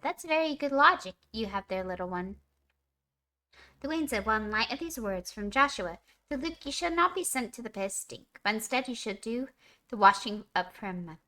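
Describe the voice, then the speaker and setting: A woman streamer reading a bedtime story aloud, telling it gently and giving the characters small voices of their own. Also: high voice. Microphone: streaming mic.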